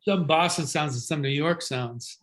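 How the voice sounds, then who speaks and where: A man's voice: fairly high pitch, moderate pace, fairly bright tone. An older man, a guest actor, telling stories in a casual interview, rambling with many fillers and restarts. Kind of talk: casual interview talk, storytelling.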